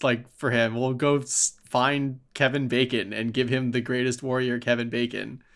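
A man's voice: mid-range voice, level tone, normal speed, few pauses, a bit bright. A young man chatting casually about a movie, often laughing and retelling scenes in put-on voices.

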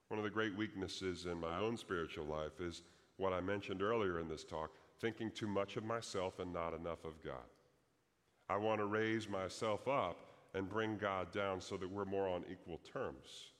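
A man's voice: low-pitched, a bit bright, long reverb tail. A man preaching a sermon as pastor, telling a story dramatically and acting out the quoted prayers.

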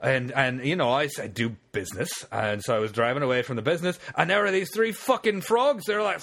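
A man's voice: on the high side, a bit bright. A man putting on a rambling drunk Scotsman. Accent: put-on Scottish. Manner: rambling, stammering, boastful storytelling. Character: drunk male Scotsman telling a tall tale.

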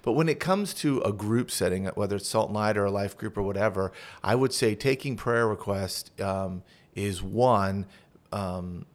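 On a podcast conversation, a male pastor with a voice on the low side speaks earnestly at a moderate pace. He teaches by walking listeners through example prayers.

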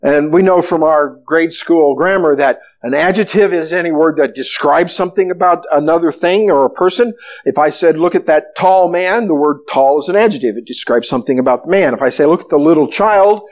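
Animated preaching man, high lively voice. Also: brisk, hardly any pauses. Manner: animated storytelling, acting out the disciples' panic. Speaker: pastor. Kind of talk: sermon.

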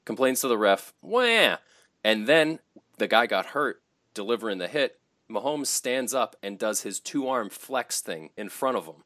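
Animated low-voiced man talking sports. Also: normal speed, no echo, clean studio sound. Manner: animated, profane, laughs often. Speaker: podcast co-host. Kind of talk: casual sports chat.

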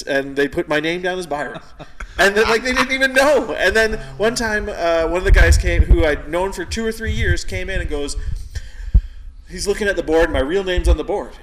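A man's voice: fairly high pitch, fairly bright tone. A man from Canada chatting casually on a podcast, telling long rambling stories and swearing freely. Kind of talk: casual chat.

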